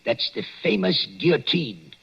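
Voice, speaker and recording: An actor playing a nervous old male wax museum watchman, telling tales in a halting, hesitant way, in 1940s radio acting on a dull old broadcast. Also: a little high, sing-song, creaky, breathy edge, exaggerated voice. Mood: uneasy. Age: older.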